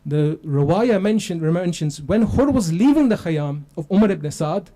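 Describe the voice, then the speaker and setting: A man's voice: sits high, expressive, normal speed, warm tone. A man delivering an impassioned religious sermon, building to a lamenting cry. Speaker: lecturer. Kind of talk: emotional religious sermon narration.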